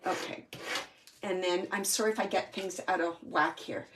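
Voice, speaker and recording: A woman working as a medium, giving a live online reading from home in a gentle, reassuring way with many fillers and restarts. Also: fairly low pitch, steady tone, normal speed, slight background noise. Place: home, with a small dog nearby.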